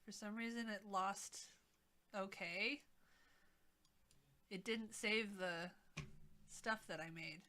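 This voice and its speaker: A woman game streamer chatting casually on a live stream, excitable and thinking out loud. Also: mid-range voice, takes it slowly, pauses often.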